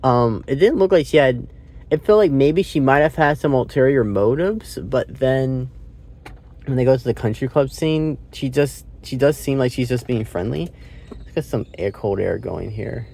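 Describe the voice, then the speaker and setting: A man's voice: medium pitch, normal speed, gravelly, darkish tone. Rambling man reviewing a movie in his car. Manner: rambling and loose, frequent fillers, swearing, laughing at his own retelling. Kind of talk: casual spoken movie review. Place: inside a parked car.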